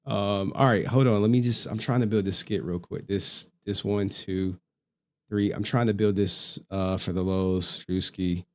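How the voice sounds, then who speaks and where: A man with a fairly low voice, talking loosely to his stream chat. He rambles, laughs often and shifts between topics as he sets things up live. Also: steady tone, a little slow, fairly bright tone. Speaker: livestream host.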